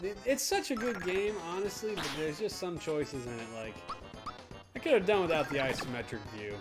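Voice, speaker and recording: Joking co-host with lively pitch. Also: normal speed, music in the background. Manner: joking, laughing often, slangy. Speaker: co-host of a game playthrough. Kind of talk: casual game commentary.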